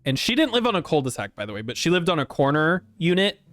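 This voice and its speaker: A man's voice: on the high side, big pitch swings, quick pace, fairly bright tone, no room sound, faint music behind. A man streaming a game, profane and rambling in casual commentary.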